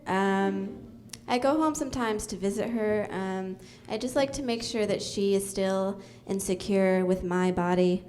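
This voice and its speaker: A young woman doing a deadpan stand-up comedy set on a club stage, with many ums and uhs. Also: medium pitch, a little slow, few pauses, slight background noise.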